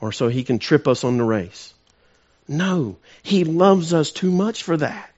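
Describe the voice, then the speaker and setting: A male pastor preaching a sermon, swinging from loud emphatic peaks to quiet, intimate asides and asking his congregation questions. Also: on the high side, expressive, unhurried, breathy edge, highs cut off.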